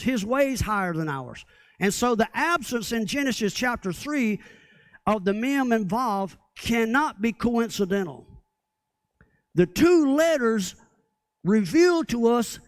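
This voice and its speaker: A man's voice: extremely high pitch, dry recording. A man preaching a sermon as pastor, often asking the congregation rhetorical questions.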